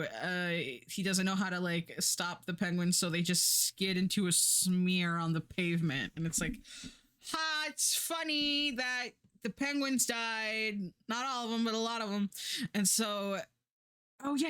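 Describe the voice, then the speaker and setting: A young woman on a livestream rambles on in a smooth, clean voice, her pitch sitting right in the middle. She talks casually and sarcastically and keeps breaking into laughter. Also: fairly bright tone. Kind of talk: casual stream chat.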